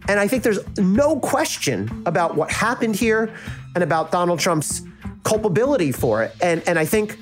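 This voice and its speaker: South Jersey man, former prosecutor, blunt and animated, lively delivery. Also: on the high side. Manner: frank, animated, acts out quoted reactions. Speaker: legal analyst and former prosecutor. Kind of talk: casual interview.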